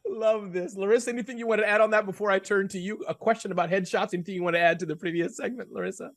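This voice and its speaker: A man hosting a casual panel chat, telling self-deprecating stories in an animated way. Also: high voice, racing, no room sound. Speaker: host.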